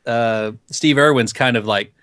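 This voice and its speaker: A man with a light Southern US accent chats loosely on a podcast, rambling and joking. His voice sits at an ordinary middle pitch and sounds a little sniffly from a cold. The recording is dry and close. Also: measured pace, a bit bright, clear, resonant tone, no room sound. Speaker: podcast co-host. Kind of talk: casual chat.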